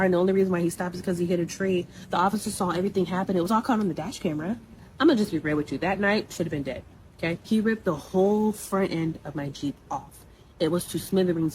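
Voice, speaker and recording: Young woman storyteller, low voice, rapid-fire, blunt and animated. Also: noisy background. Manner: blunt, animated, conversational with asides. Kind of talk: casual personal storytelling.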